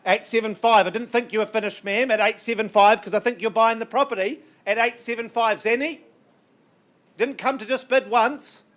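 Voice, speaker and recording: High-voiced man calling an auction. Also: fairly even intonation, a bit bright. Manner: brisk, coaxing bid-calling with banter. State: strained, losing his voice. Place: auction room.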